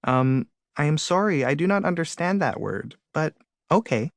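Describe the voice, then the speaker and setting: A man's voice: a little high, big pitch swings, normal speed, vocal fry, dry recording, pitched above the performer's own voice. Storybook alien, naive and polite, formal careful wording, slightly raised voice, as a male narrator puts it on. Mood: curious. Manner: stiff, careful formal speech.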